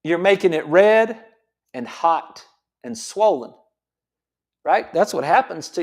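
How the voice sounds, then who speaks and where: A man's voice: sits high, animated, takes it slowly, creaky, long pauses. A middle-aged man, a chiropractor hosting an informal health talk, repeating his points with emphasis and asking rhetorical questions. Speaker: chiropractor host.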